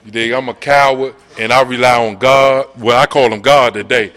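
Man, middle-aged, earnest testimony, conversational, bright forceful voice. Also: medium pitch, steady tone, normal speed. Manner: earnest, conversational, repeats "you dig?". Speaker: recovery meeting speaker. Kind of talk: personal testimony share.

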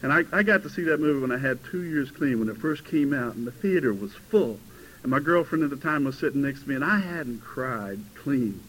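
A man in his fifties gives his testimony to a recovery meeting, telling his story with animated, sudden loud outbursts. His voice is bright and sits at a middle pitch. There is faint background noise on the recording. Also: fairly quick, low-quality recording. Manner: animated storytelling, bursts into shouting. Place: meeting hall before a live audience.

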